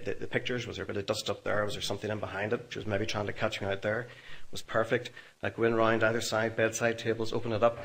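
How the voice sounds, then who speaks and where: A man's voice: mid-range voice, fairly bright tone. A man, giving a conference talk with a storytelling, self-deprecating humour. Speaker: conference speaker. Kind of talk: anecdotal business talk to an audience. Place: hotel function room.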